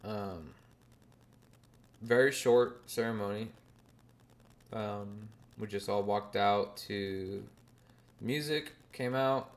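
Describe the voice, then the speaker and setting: A man in his twenties, a podcast host telling a story in a casual, animated way, swearing and using slang freely. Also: on the low side, slow, long pauses.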